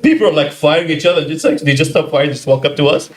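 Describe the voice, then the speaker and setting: A man's voice: fairly high pitch, normal speed, echoey room. A man hosting a gaming podcast, telling a story in casual chat, laughing often and talking with lots of fillers. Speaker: podcast host.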